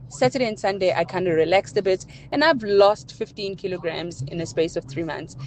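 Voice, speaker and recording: A woman's voice: lowish voice, a little hiss or hum. A woman calling in to a radio show, talking steadily and matter-of-factly. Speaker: caller.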